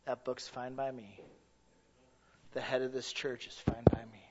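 A man preaching a sermon in an animated, folksy way that sometimes rises to a shout. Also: medium pitch, a little slow, very noisy. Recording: dull lo-fi sound.

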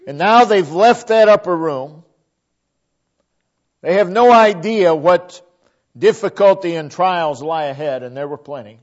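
Slow, dynamic male preacher, lo-fi. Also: sits high. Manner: dynamic preaching, swelling emphasis then dropping to hushed line endings. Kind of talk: sermon.

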